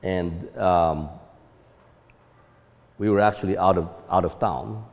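A man's voice: low voice, slow, long reverb tail, highs cut off. A man telling a personal story about fatherhood as an earnest testimony.

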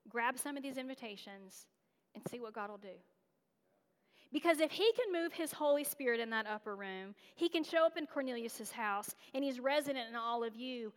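A woman's voice: high-pitched, big-room sound. A woman from North Carolina giving a storytelling sermon, candid and conversational, with self-deprecating asides. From North Carolina, USA. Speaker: guest preacher.

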